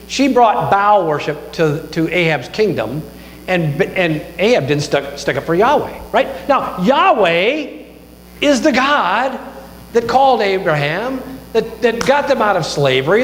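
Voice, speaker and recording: A high-voiced male pastor jokes and mocks himself during a conversational sermon delivered on a microphone. A little hiss or hum runs under the recording, made in a church hall with long, echoing reverb.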